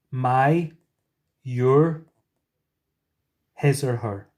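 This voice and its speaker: Slow, patient male teacher. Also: medium pitch. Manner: patient, explains step by step with gentle asides. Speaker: Spanish teacher. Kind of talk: recorded classroom lesson.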